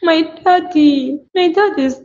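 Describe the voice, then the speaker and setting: A woman with a Nigerian accent voicing a young woman mourning her father in an animated drama. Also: very high-pitched, slow, slight background noise. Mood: grieving. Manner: pleading, sobbing questions. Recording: muffled echoey home recording.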